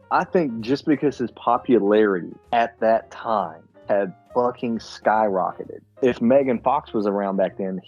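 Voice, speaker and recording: A man co-hosting a loose movie podcast, talking with an animated, swinging pitch. His voice is husky and a bit breathy. The audio sounds slightly dull and muffled. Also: slow pace, faint music behind. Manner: animated, laughing, profane. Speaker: podcast co-host. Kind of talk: casual movie-review chat.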